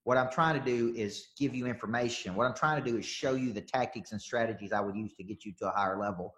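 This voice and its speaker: A man's voice: mid-range voice, fast talker, a bit bright. A man coaching on sales during a live webinar, talking emphatically and repeating his points as he answers questions.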